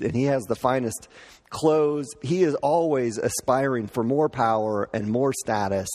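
A man's voice: mid-range voice, a little mellow. A man giving a sermon in a conversational way, explaining with asides and light laughs. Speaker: pastor. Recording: long hall reverb.

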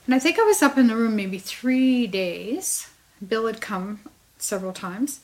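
A woman's voice: fairly high pitch, expressive, a little slow, darkish tone. A middle-aged woman sharing a personal testimony, telling her story with animation and acting out what people said. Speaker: church member sharing testimony.

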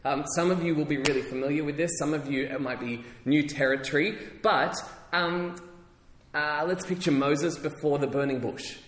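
A man preaching a sermon to his congregation in a conversational way, pausing often with fillers and restarting his sentences. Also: fairly high pitch, a bit bright, slight background noise. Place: church hall. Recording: roomy hall reverb.

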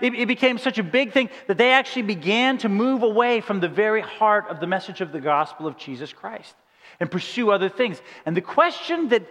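A man's voice: sits high, a bit bright, big-room sound. A male pastor preaching a sermon, telling stories with playful asides to the congregation.

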